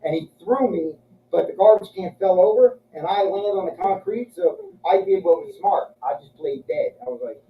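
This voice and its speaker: This man has a high, expressive voice and talks at a normal speed, with a faint hiss or hum underneath. He's casually telling crude, profane stories and voicing the other people in them. The recording is muffled and echoey, as if captured across a room.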